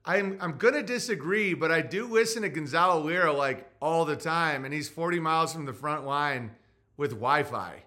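Male podcast host, loud, rambling and mocking. Bright, tense, slightly high voice, talking over a live chat. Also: normal speed. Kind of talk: livestream monologue reading chat.

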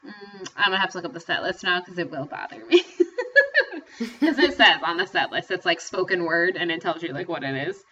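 Lively chatty woman podcast host. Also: lowish voice, moderate pace, dull audio, a little hiss or hum. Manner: chatty, laughs often, animated. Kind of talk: casual book chat.

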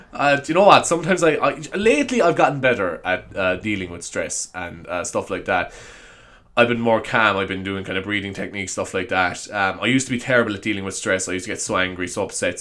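A man's voice: on the low side, a bit bright. A young man hosting a solo comedy podcast, rambling and swearing with self-mocking humor. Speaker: podcast host.

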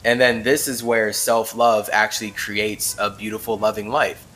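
A man's voice: on the low side, level tone, normal speed, fairly bright tone. A man hosting a podcast, talking in a rambling, emphatic way and laughing often as he muses on spirituality. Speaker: podcast host. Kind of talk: casual spiritual monologue.

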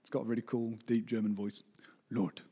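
A man's voice: mid-range voice, level tone, quick pace, warm tone, breathy edge, long reverb tail. A forty-year-old man preaching a sermon as pastor. He speaks with emphasis and often puts rhetorical questions to the congregation. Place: church service.

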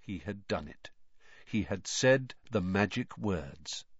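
A man narrating a storybook in an expressive, dramatic reading. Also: on the low side, slow pace, slightly rough, no echo. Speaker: audiobook narrator. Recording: dry, slightly dull recording.

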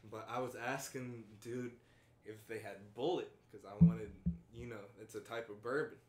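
A man's voice: medium pitch, moderate pace. A man telling a story in casual chat as a podcast co-host, exasperated and profane. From Kentucky. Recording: echoey room with faint background hum.

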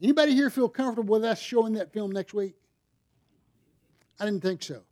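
High-voiced man preaching a sermon. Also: fairly quick, darkish tone. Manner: conversational preaching with rhetorical questions. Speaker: pastor.

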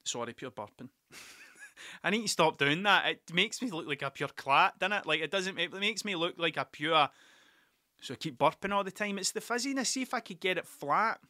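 A man rambles through a story, swearing freely and laughing at his own tales. His voice sits a bit high and sounds bright and forceful. The recording is dry and close, with no room sound. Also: animated, normal speed, no room sound. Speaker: podcast host. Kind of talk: casual storytelling monologue.

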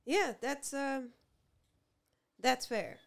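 A woman's voice: sits high, extremely slow, vocal fry. A woman hosting a casual chat, asking curious questions and giving brief agreeing replies.

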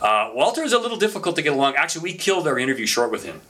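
A middle-aged man on a podcast, telling stories in a casual, animated way with lots of fillers. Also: fairly high pitch, very fast. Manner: animated anecdotal storyteller with frequent fillers. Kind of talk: casual storytelling chat.

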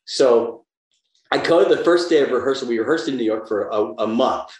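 An older man from the American South, a guest actor, telling animated stories in a casual interview and acting out the lines he quotes. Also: mid-range voice, a little fast, echoey room, poor audio. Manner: animated storyteller, acts out quotes in lively voices.

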